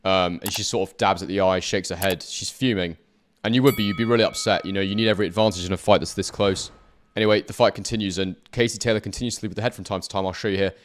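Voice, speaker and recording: Low voiced guy talking fast, calmly breaking down a fight. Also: slight background noise. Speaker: guest analyst. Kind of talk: boxing fight analysis.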